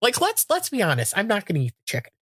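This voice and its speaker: A middle-aged woman co-hosting a podcast speaks rapid-fire at medium pitch with a breathy edge. She tells animated stories in casual chat, acting out quotes and swearing a lot. The recording is dry and clean, studio-grade.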